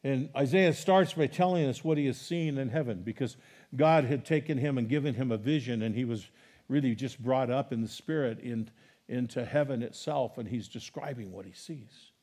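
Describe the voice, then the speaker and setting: At normal speed and in a mid-range voice, a middle-aged man preaches a sermon as pastor. His quoting of scripture grows animated and loud, and in between he speaks casually with the congregation.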